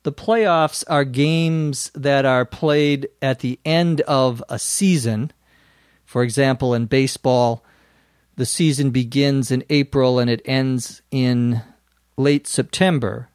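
A man's voice: medium pitch, steady tone, slow, darkish tone, smooth, no echo. A man hosting an English-learning podcast, patiently explaining words with a bit of dry humour. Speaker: English teacher, podcast host. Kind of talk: explaining a lesson.

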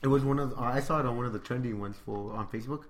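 A man chatting on a casual podcast about music and celebrity news. His voice sits at a middle pitch. He is easygoing and chatty, and he tends to lose his thread mid-sentence. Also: rapid-fire, a loud crowd. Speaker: podcast co-host. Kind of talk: casual entertainment news chat.

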